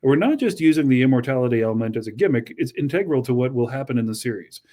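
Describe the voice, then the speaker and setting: A man co-hosting a fan podcast, reading an article aloud at a steady pace and chatting casually in between. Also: mid-range voice, very fast. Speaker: podcast co-host.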